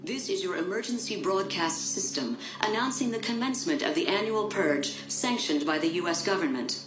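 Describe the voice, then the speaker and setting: An actress playing a calm, formal government emergency broadcast announcer speaking in a measured, solemn tone. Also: female voice, mid-range voice, lightly acted. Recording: echoey broadcast with music behind.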